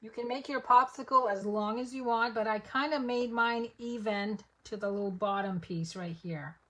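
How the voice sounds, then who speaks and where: With a fairly bright, somewhat high voice at a moderate pace, a woman demonstrates papercraft live. She talks to her viewers chattily, explaining step by step while she works.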